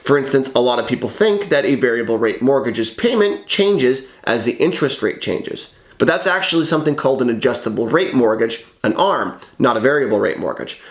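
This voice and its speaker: A man's voice: mid-range voice, expressive, a little fast, hardly any pauses. A man working as a mortgage broker, talking in a confident, persuasive way in a scripted explainer video. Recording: roomy echo, faint background music.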